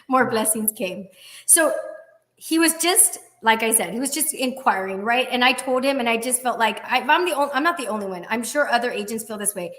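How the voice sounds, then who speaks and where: Animated woman telling a personal story. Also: a little high, normal speed. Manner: animated, acts out quoted dialogue, laughs often. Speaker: guest, insurance agent.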